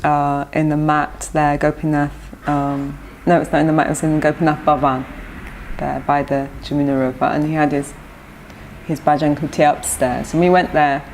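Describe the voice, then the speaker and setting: Middle-aged woman, low-pitched, devotee reminiscing with lively anecdotes. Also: moderate pace, a little hiss or hum. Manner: lively anecdotal recounting with frequent laughter. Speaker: devotee sharing memories of her teacher. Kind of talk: personal storytelling.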